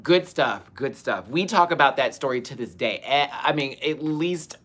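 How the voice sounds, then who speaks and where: A woman's voice: very deep voice, lively intonation, normal speed, fairly bright tone. A young woman hosting a live Q&A, telling a story in a sassy, profane, dramatic way with bursts of laughter. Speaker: host of a live Q&A show. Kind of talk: casual storytelling on a livestream.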